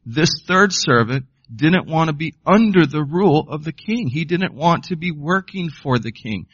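A man's voice: a little high, expressive, moderate pace, a bit bright, husky, no echo, muffled recording. A man preaching a sermon as pastor, emphatic, often putting questions to the congregation.

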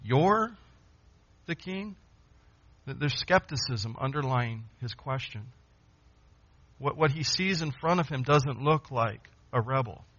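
A man's voice: medium pitch, measured pace, fairly bright tone, slightly rough. A man preaching an expository sermon, emphatic, repeating phrases and asking rhetorical questions. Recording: dull lo-fi sound.

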